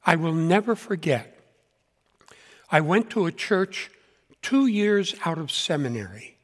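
A man's voice: fairly high pitch, sing-song, a little slow. A man in his seventies preaching a sermon in an earnest manner and repeating key points for emphasis. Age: 70s. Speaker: pastor. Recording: long hall reverb.

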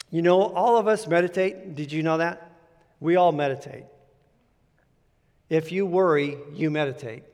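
A male pastor preaching a sermon in an earnest, conversational way, repeating key points for emphasis. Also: fairly high pitch. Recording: long reverb of a large hall.

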